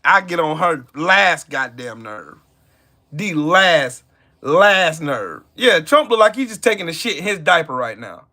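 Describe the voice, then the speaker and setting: Profane, animated male livestream ranter. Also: a little high, measured pace. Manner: profane, heated, mocking, addresses chat viewers by name. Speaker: political commentary livestream host. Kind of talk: casual livestream rant.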